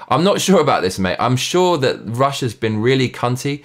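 A man's voice: medium pitch, big pitch swings, moderate pace, few pauses. A man hosting his own show, giving a blunt, profane, sarcastic rant. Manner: mock Russian accent when reading reviews aloud. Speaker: host. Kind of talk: ranting commentary.

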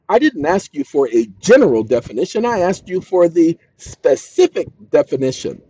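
A man hosting his own channel, reading legal definitions aloud and breaking off to shout insults at an AI assistant in a ranting commentary. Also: on the high side, very animated, normal speed, hardly any pauses, slightly rough, rough recording. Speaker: channel host.

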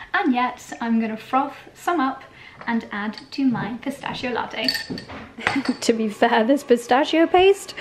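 A woman's voice: fairly high pitch, darkish tone. A young British woman vlogging in her home kitchen, chatty and giggly, playful with made-up words. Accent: British English. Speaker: lifestyle vlogger. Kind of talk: casual kitchen vlog chat. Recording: roomy kitchen echo, faint background noise.

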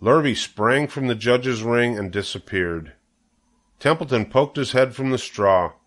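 An older man reading a children's novel aloud in a steady, gentle read-aloud manner. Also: mid-range voice, measured pace. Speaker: storybook reader.

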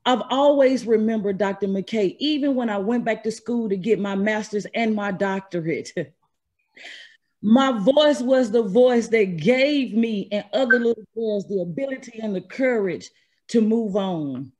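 A woman from Mississippi, a trauma specialist, telling her personal story in an earnest, measured and emphatic way over a video call. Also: mid-range voice, a little mellow. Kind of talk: personal story told at an online event.

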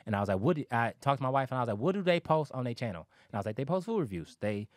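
A man in his thirties recounting his own story at a quick clip, candid and emphatic, with plenty of swearing. His voice sits at an ordinary pitch and sounds close and dry, with no room around it. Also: sing-song, dry recording. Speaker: guest telling his life story. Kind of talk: casual storytelling interview.

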